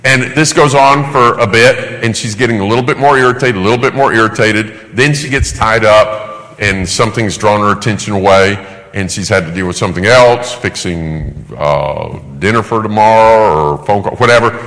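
A man's voice: on the low side, moderate pace, a bit bright, long reverb tail, rough recording. A man preaching a sermon, emphatic and repeating words for effect.

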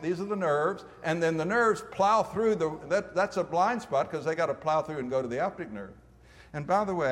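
A man's voice: fairly high pitch, long reverb tail. A man giving a classroom lecture, emphatic and full of rhetorical questions.

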